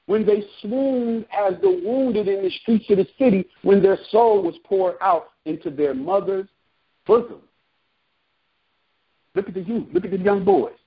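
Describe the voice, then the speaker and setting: A man's voice: high voice, a little slow, breathy edge, narrow, tinny audio. A man preaching from scripture, reading verses aloud and breaking into casual slangy commentary. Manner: reads verses then breaks into slangy asides. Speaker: street preacher.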